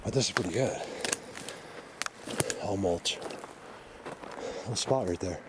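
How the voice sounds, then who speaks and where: A man's voice: low-pitched, a little slow, very noisy. A man vlogging outdoors in a steep forest, out of breath, rambling and talking straight to his viewers. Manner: rambling, restarts often, talks to viewers. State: out of breath from climbing. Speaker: vlogger exploring woods. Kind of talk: casual walking vlog narration.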